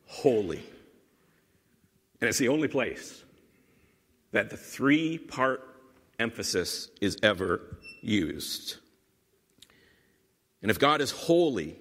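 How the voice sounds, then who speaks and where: A man preaching a teaching sermon, explaining scripture with repeated emphasis and dry asides. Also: on the low side. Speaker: pastor. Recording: long hall reverb.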